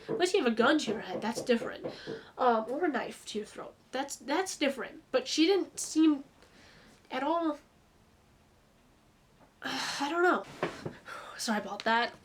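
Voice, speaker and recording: Young woman, high voice, rambling storytime to camera at home, keeps restarting. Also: a little hiss or hum. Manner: chatty, restarts often, quick asides to the viewer. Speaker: vlogger. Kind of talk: casual storytime. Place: room in her home.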